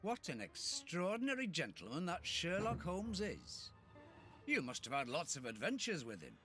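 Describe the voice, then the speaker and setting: An actor playing an excitable, talkative young male prison guard. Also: fairly high pitch, moderate pace, soft background music, full character voice.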